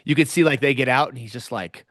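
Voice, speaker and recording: A man co-hosting a podcast talks in a relaxed, thoughtful way, often stumbling over the first word as he gets going. His voice sits in a middle pitch. The recording is dry and close to the mic. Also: fast talker, dry recording. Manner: reflective, repeats words when starting sentences. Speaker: podcast co-host. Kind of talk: casual chat.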